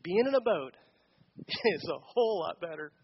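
A man's voice: high-pitched, expressive, moderate pace, lo-fi sound, a little hiss or hum. A man giving a conversational sermon as a pastor, asking the congregation questions during a church service.

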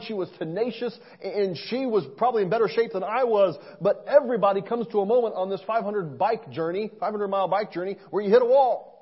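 A man preaching a sermon in an earnest, storytelling way, swinging between soft asides and loud emphasis. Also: high voice, slightly rough, muffled recording. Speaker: pastor.

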